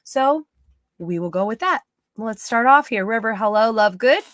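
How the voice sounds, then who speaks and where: A woman's voice: on the high side, lively intonation, normal speed, fairly bright tone, no echo. A middle-aged woman giving psychic readings on a live stream, chatty and playful, often drifting off topic. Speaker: psychic medium.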